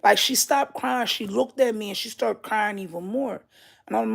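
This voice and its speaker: A woman's voice: on the high side, creaky. A woman telling a personal dream story casually and candidly, swearing freely as she talks. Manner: slow and drawn out. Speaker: vlogger.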